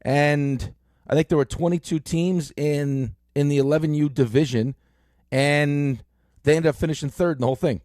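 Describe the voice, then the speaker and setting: A middle-aged man hosting a sports radio show, telling stories in an animated way with lots of fillers, on a close studio mic. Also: a little high, moderate pace, no room sound. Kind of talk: casual sports talk.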